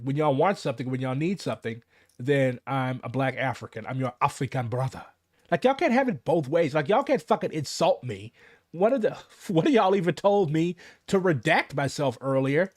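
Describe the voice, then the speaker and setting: A fired-up American man ranting in a casual commentary, swearing freely and leaping upward in exasperation. His voice sits a little high for a man, and the recording is close and dry with no room sound. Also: no room sound. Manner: profane, exasperated, voice jumping high when worked up. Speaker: political commentator. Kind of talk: casual rant to camera.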